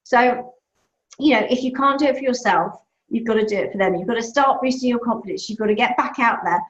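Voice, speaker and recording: Quick and fairly high-voiced, this woman is a breakup coach answering questions live with cheerful advice. Her delivery is lively, full of stories where she performs the different voices. It's captured in an echoey space with muffled, lo-fi quality.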